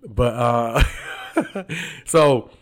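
A man's voice: mid-range voice, very slow. Man with a slight braces lisp. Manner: loose, teasing, profane and candid. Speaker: podcast host. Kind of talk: casual storytelling monologue.

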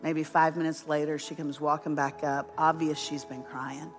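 Over background music, a woman gives a storytelling sermon as a guest preacher, her voice low-pitched with little pitch movement and a moderate pace. She is funny and self-deprecating, acting out the things people said to her.

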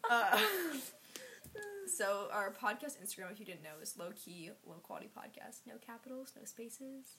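A young woman chatting on her casual podcast, giggling often and letting sentences trail off. Her voice sits fairly high and swings widely in pitch. There is a clear hiss of noise behind her. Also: big pitch swings, moderate pace. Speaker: podcast co-host.

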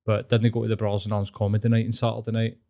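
A man's voice: on the low side, completely flat delivery, fast talker, warm tone. A young man with a Glasgow accent, co-hosting a podcast in casual, sweary, rambling chat. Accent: Scottish, Glasgow. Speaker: podcast co-host.

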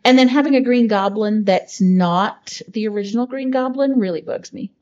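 A woman's voice: medium pitch, moderate pace, darkish tone, lo-fi sound. A woman co-hosting a podcast in casual chat, talking in an earnest, heartfelt way with many fillers. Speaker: podcast co-host.

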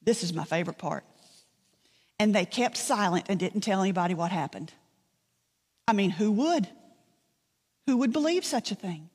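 A woman's voice: mid-range voice, lively intonation, normal speed, pauses often, a little mellow, husky, long reverb tail. A woman pastor, preaching a sermon in a conversational storytelling way, with dry asides.

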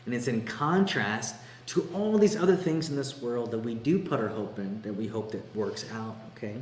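A man delivers a sermon in an earnest, conversational way, repeating his key points. His voice sits at an ordinary middle pitch. The room is echoey, with a faint hum underneath. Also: normal speed. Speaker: pastor.

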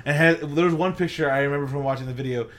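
A man's voice: medium pitch, racing. A man in casual chat, telling a story with lots of swearing and mimicked voices.

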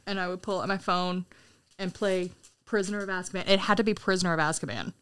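A woman's voice: medium pitch, steady tone, fairly quick, fairly bright tone, clean tone. A young adult woman co-hosting a podcast, telling stories in casual chat, laughing often and swearing freely. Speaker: podcast co-host.

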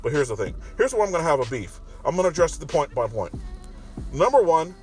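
A man's voice: fairly high pitch, very animated, fast, a little mellow. Casting: man, casual commentary vlogger, swears freely, rambles, recorded in a parked car, faint music behind. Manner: profane, rambling. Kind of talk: casual monologue. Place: parking garage with construction nearby.

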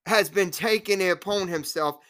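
A woman's voice: lowish voice, normal speed, fairly bright tone. A woman delivering an indignant direct-to-camera rant as a trans rights activist, scolding trolls and repeating herself.

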